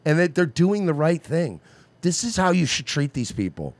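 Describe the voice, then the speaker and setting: A man's voice: on the high side, big pitch swings, moderate pace, dry recording. A man hosting a podcast gives sardonic, profane running commentary in casual banter. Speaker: podcast host.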